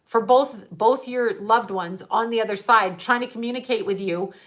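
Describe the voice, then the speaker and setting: A woman's voice: a little high, normal speed, fairly bright tone. A middle-aged woman talks casually to viewers as a psychic medium. She is blunt and profane, laughing easily between her points. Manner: candid, profane, laughs often. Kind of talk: casual livestream chat with viewers.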